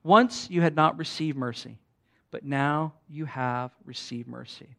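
A man preaching a sermon, passionate and conversational, swinging between soft, intimate lines and loud, emphatic bursts. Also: fairly high pitch, a little slow, gravelly. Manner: conversational with fillers and repeats. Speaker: pastor.

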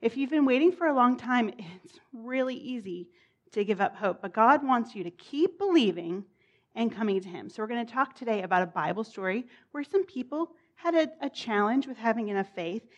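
A woman preacher speaks with a fairly high voice. She talks in an informal, chatty way, with laughs and asides. Her tone is friendly and encouraging. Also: lively intonation, normal speed, highs cut off. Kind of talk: sermon.

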